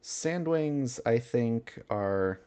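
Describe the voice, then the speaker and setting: A man's voice: medium pitch, expressive, drawn-out words, a little mellow, smooth. A man chatting casually on a livestream, musing aloud and chuckling often as he answers his chat.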